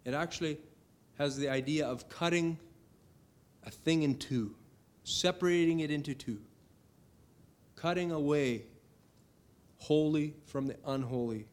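A man's voice: a little high, measured pace, pauses often. A middle-aged man preaching a sermon earnestly, building to emphatic declarations as he reads scripture.

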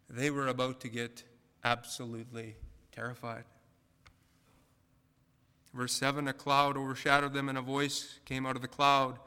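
A man preaching a sermon in a bright, crisp voice that carries. He presses his points with rhetorical questions and rising emphasis, with a long reverb trailing each phrase. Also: mid-range voice. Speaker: pastor.

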